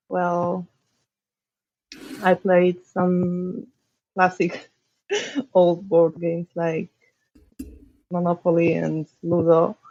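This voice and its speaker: A young woman from Poland, a podcast guest, chatting casually in a hesitant, halting way and laughing often. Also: fairly low pitch, warm tone, no room sound, highs cut off. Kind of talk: casual chat.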